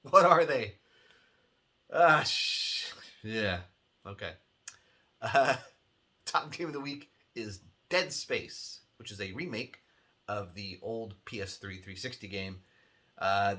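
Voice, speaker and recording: A man's voice: lowish voice, pushed and bright. A man hosting a weekly video game release show, chatting casually in a sardonic way, swearing freely and laughing often. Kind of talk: casual rambling commentary.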